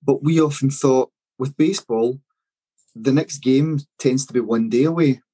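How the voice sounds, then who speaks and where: A man, co-hosting a sports podcast and explaining things in a measured way. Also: mid-range voice, dark tone, husky, low-quality recording. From Scotland. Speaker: podcast co-host. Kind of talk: casual chat.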